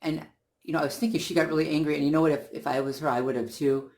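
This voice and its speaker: A man's voice: a little high, fairly even intonation, rapid-fire, a little mellow. A man talking in a casual monologue, earnest and indignant, often restarting his sentences as he works through his point. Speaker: channel host.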